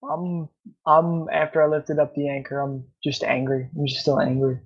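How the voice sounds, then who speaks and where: A man's voice: a little high, flat delivery, normal speed, highs cut off, noisy background. A man playing a tabletop game, chatting and asking questions hesitantly. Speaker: player.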